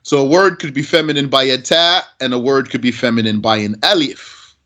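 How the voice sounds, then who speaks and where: A man's voice: medium pitch, brisk, fairly bright tone. A man teaching Arabic grammar, asking and answering his own questions as he explains.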